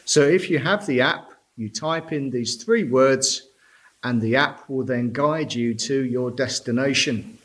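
A man preaching a sermon from a church pulpit, slow and deliberate, stressing key words. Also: medium pitch, a bit bright.

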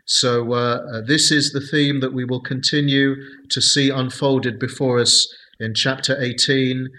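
A man leading a Bible study, speaking slowly and deliberately with many hesitant fillers. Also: mid-range voice, flat delivery, bright, forceful tone, poor audio.

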